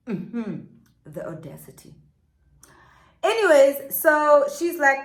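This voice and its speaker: A young woman telling a scandalous story in a vlog, sassy and animated, acting out the quotes. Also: medium pitch, unhurried. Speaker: vlogger. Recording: roomy echo.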